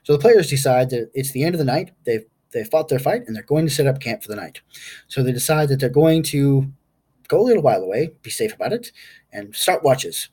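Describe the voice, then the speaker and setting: Male game master, husky and animated, casual rambling session recap. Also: mid-range voice, a little fast. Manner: rambling, stops to recall names aloud.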